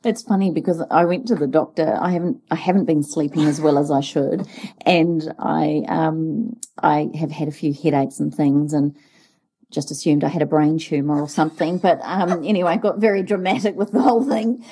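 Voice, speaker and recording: Husky-voiced woman in her forties, chatty. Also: low voice, normal speed. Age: 40s. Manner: animated storyteller, acts out dialogue. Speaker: podcast co-host. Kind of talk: casual chat.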